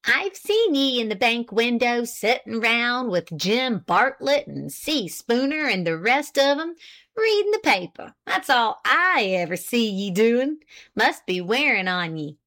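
A woman's voice: a little high, sing-song, measured pace, fairly bright tone, voice pushed up, exaggerated voice. A woman voicing a thin, shrewish country wife who scolds her husband in a rustic dialect. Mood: mocking.

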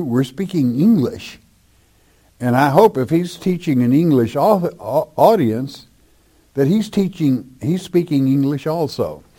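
A man's voice: mid-range voice, warm tone. A man, a pastor, reading listener questions aloud and answering them in a blunt, plain-spoken Bible-teaching style. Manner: blunt, plain-spoken, slow emphatic spelling out.

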